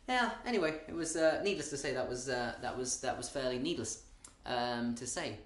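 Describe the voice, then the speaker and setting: A man's voice: mid-range voice, normal speed, echoey room. A British man delivering a comic monologue in a wry, rambling way, often breaking off and restarting his sentences. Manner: wry, rambling, self-interrupting. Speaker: comedian.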